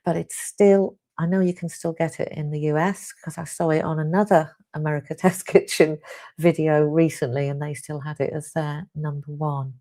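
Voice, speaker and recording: A woman's voice: low-pitched, steady tone, normal speed, dark tone. A British woman hosting a live question-and-answer stream, chatting casually and rambling a little as she reads out viewer comments. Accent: British English. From United Kingdom. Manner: chatty and rambling, with frequent ums and restarts.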